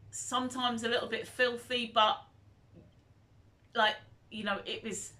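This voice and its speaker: A woman in her fifties chatting casually as a vlogger, animated and nostalgic as she reminisces. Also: fairly high pitch. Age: 50s.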